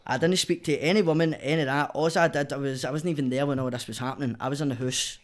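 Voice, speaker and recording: A man's voice: medium pitch, steady tone, quick pace. A young man with a Glaswegian accent, telling his story as a podcast guest in blunt, sweary casual chat. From Scotland.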